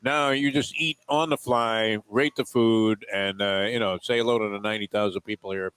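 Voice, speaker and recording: A man's voice: on the low side, fairly even intonation, normal speed, a bit bright, clear, resonant tone. A man co-hosting a food show, teasing his partner and joking at a seaside restaurant. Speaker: co-host. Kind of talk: casual live chat. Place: seaside restaurant on a live remote.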